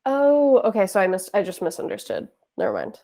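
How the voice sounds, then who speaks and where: A woman's voice: medium pitch, expressive, a little fast, creaky, mellow. A woman student on a video call, asking questions hesitantly and searching for words. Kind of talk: asking questions in a tutoring session.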